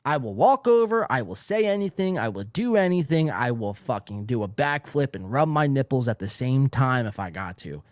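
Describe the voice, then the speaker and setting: A man's voice: mid-range voice, very animated, normal speed, hardly any pauses, no room sound. A man hosting a podcast, ranting in a profane, mock-outraged monologue into a studio mic. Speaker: podcast host.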